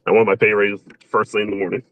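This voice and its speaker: A man being interviewed on a casual show, laid-back and quick to laugh. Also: on the low side, flat delivery, no echo, narrow, tinny audio. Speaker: interview guest.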